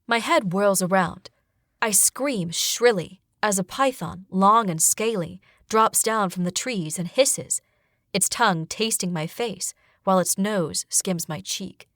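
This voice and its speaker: A woman reading a fantasy novel in the first person as an audiobook narrator, expressive and dramatic, on a close studio mic. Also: mid-range voice, slow, no room sound.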